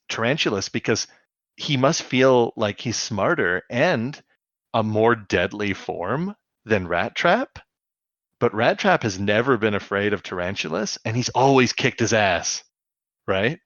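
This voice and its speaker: A man's voice: lowish voice, sing-song, slow pace, fairly bright tone, dry recording, lo-fi sound. A man co-hosting a podcast in casual chat, retelling things in a rambling way full of fillers and restarts. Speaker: podcast co-host. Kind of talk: casual chat recapping a cartoon episode.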